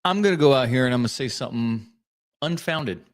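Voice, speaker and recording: A man's voice: medium pitch, lively intonation, fast. A man hosting a podcast, riffing sarcastically and swearing as he reacts live to video clips. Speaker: podcast host.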